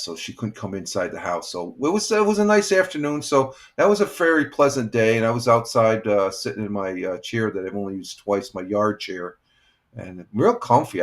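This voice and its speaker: On a casual morning live stream, a retired firefighter in his sixties chats with viewers in a voice on the low side. He rambles in a relaxed way, with lots of filler words.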